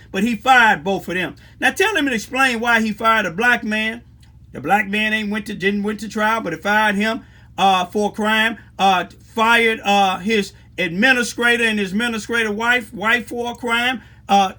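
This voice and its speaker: Man, high and bright voice, heated live-stream rant, talks straight to viewers. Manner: impassioned, repetitive, addresses viewers as y'all. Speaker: local political commentator.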